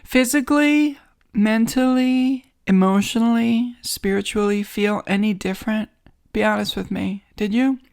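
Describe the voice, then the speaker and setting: A woman's voice: medium pitch, measured pace, gravelly, darkish tone. A woman with a New York accent hosting a podcast, giving a wry, sarcastic, rambling comedic monologue from a home studio in a guest bedroom. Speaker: podcast host.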